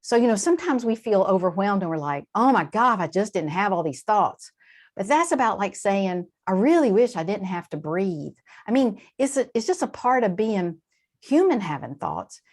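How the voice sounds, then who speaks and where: A woman guest in an interview, explaining in a lively conversational way, with quick asides and frequent shifts in emphasis. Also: mid-range voice. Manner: animated, warm-hearted explaining with quick asides and laughs. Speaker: translator and guest.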